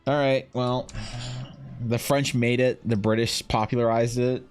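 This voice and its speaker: A man's voice: medium pitch, little pitch movement, a little slow, faint music behind. A man streaming live as he draws, talking casually to himself and his chat, rambling and swearing freely.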